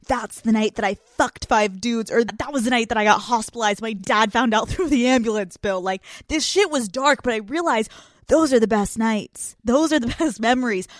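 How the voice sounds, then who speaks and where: A woman hosting a podcast in loose, profane, casual chat, her voice pitched high. She laughs often as she talks. The sound is close and dry, as from a studio mic. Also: dry recording. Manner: brash, profane, laughing a lot. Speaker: podcast host.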